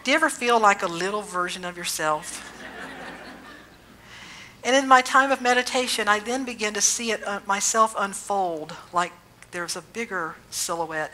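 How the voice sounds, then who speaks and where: A woman minister giving a sermon in a gentle, reflective storytelling way, slowing down for emphasis. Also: mid-range voice, a little hiss or hum, poor audio.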